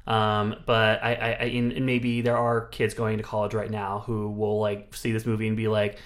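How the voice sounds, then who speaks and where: A man co-hosting a casual film-review podcast, talking in an animated, profane way and slipping into mocking mimicry. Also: lowish voice, moderate pace. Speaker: podcast co-host.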